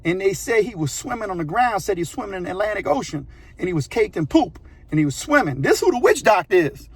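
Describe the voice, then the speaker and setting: A man, a channel host telling a story in a casual, animated, slangy way. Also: high voice, fast talker, slightly rough, no room sound. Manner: animated, slangy, repeats phrases for effect.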